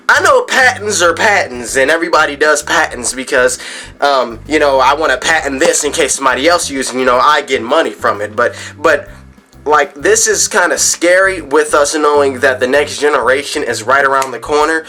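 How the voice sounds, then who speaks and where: A man's voice: medium pitch, sharp tone. A man vlogging about gaming and tech in a casual rant to camera at home, rambling with frequent restarts and repeated words.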